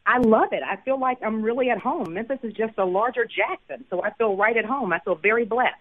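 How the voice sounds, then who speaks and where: A woman's voice: a little high, a little fast, slight background noise. Bubbly Southern woman on a phone line. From Mississippi. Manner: bubbly, upbeat, animated storyteller. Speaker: guest, children's book author and former news anchor. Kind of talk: phone-in interview.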